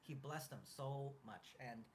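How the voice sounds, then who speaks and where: A man in his thirties in casual chat as co-host, earnest and halting, with many restarts and fillers. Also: mid-range voice, a little hiss or hum.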